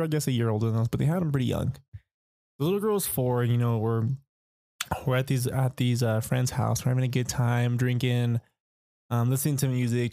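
A man's voice: mid-range voice, creaky, mellow, no room sound, studio quality. A young man casually telling a long personal story, rambling and profane, full of fillers like "like" and "you know.".

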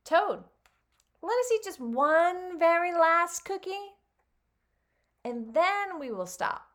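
A woman voicing an excited, cheerful male frog in a storybook read-aloud, speaking in a raised, emphatic voice. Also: extremely high pitch, slow, voice pushed up, full character voice. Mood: urging.

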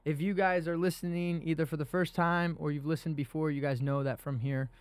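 A man's voice: on the high side, level tone, fairly quick, smooth, no echo. A young man hosting a casual faith podcast, talking earnestly and animatedly about scripture. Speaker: podcast host.

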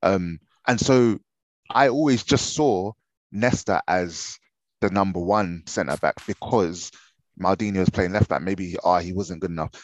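A young man co-hosting a football podcast, relaxed and chatty, often restarting his sentences. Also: deep voice, unhurried, dry recording. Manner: relaxed, laughing, hesitant restarts. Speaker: podcast co-host. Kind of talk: casual football chat.

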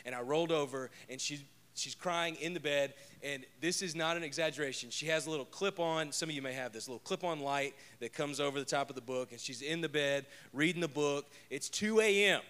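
A man's voice: a little high, a little fast, few pauses, a bit bright, clear, resonant tone. A man preaching a conversational sermon as pastor, joking and telling stories from home. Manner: chatty and joking, tells personal stories.

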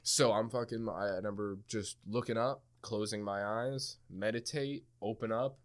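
A young man from New Jersey telling a story in casual podcast chat, laid-back but excitable, swearing often. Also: fairly low pitch, moderate pace.

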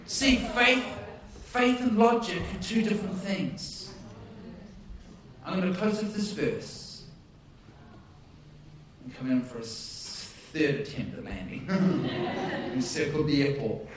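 A man's voice: a little high, slow pace, pauses often, slight background noise. A male preacher telling stories in a joking, conversational sermon style before an audience. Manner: jokey, conversational, laughs at own stories. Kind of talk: humorous storytelling sermon. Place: large hall with audience. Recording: echoey hall, distant mic, audience.

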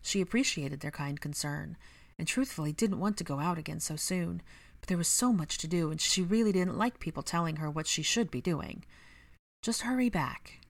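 A woman narrating a story in a gentle, even storytelling manner. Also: deep voice, fairly quick, gravelly, no echo. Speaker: reader. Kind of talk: audiobook narration of fan fiction.

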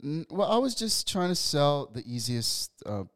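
A man in his twenties, a guest telling a story in a casual interview, halting with many restarts and fillers. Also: on the high side, very animated, a bit bright. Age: 20s.

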